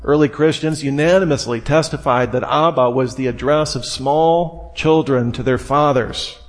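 A man's voice: medium pitch, normal speed. A man teaching the Bible in a conversational sermon, with digressive asides and repeated words. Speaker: preacher.

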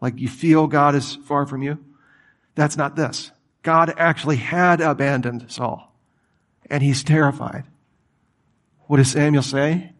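Animated, slightly high-voiced male preacher. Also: normal speed. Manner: animated, conversational, reads scripture aloud then comments. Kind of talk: sermon.

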